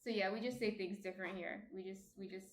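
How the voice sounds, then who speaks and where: A woman's voice: mid-range voice, fairly even intonation, fast talker, a little hiss or hum. Chatty New Jersey woman streamer. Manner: chatty, reads viewer comments aloud. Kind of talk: casual chat while baking. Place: home kitchen. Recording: echoey room.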